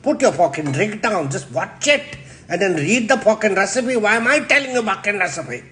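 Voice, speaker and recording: A man with a Yorkshire accent gives a comic cooking demonstration. His voice sits high for a man. He is brash and deadpan, with swearing in almost every other line. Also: normal speed. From Yorkshire, England. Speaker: cooking show host.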